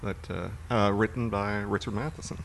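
Deep gravelly man chatting casually. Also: fairly quick, a little hiss or hum. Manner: rambling, relaxed movie recaps with fillers. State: hiccuping. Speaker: podcast co-host. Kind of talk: casual chat.

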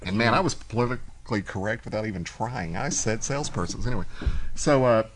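A man's voice: fairly low pitch, fairly quick, a little hiss or hum. A man hosting a casual chat, telling a long story and acting out what people said. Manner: animated storyteller, acts out quoted voices. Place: cigar shop.

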